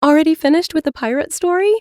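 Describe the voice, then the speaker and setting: A woman's voice: high-pitched, fast talker, dry recording, clean studio sound, voice pushed up, close to an everyday voice. A woman reader voicing a chatty, friendly female librarian who talks eagerly about books. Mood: bubbly. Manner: bubbly, eager, talkative.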